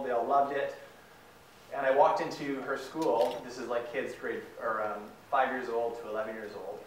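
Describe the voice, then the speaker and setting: A man's voice: mid-range voice, fairly bright tone, slight background noise. A young man from Canada giving an enthusiastic guest talk, telling a story with acted-out quotes. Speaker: guest speaker. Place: large hall. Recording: echoey hall, mic far off, faint ambience.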